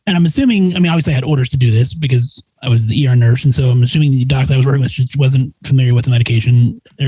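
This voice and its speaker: Husky-voiced man telling a lively story. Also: mid-range voice, no room sound, poor audio. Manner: animated, acts out quoted voices. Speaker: nurse practitioner guest. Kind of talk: casual storytelling.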